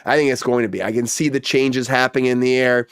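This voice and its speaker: A fast-talking man hosts a casual panel over a video call, chatty and easygoing. His voice is dry and close, with no room around it. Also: medium pitch, steady tone, smooth, dry recording. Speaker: host.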